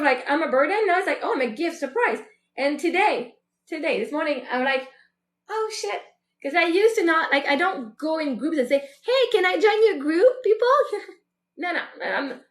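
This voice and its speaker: In a roomy, echoing recording, a show host in her thirties reflects candidly on her own life. Her high, bright-pitched voice carries a chatty, casual delivery full of filler words and quoted inner thoughts.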